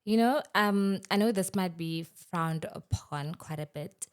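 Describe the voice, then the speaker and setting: A woman, talking heartfelt and animated as a podcast guest. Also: fairly low pitch, a little slow, smooth. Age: 30s. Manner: animated, heartfelt, mixes in Sesotho phrases. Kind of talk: podcast interview.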